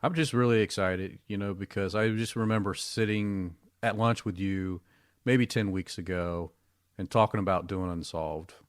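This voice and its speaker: A man's voice: sits low, steady tone, normal speed, dry recording, studio quality. A man co-hosting a podcast in casual chat, agreeable and chiming in often. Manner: agreeable, chimes in with short replies. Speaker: podcast co-host.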